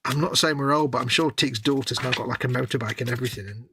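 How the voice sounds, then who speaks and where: A man's voice: medium pitch, quick pace, background noise. A middle-aged man co-hosting a livestream, chatting casually with wry, self-mocking grumbles. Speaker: livestream co-host. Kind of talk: casual chat.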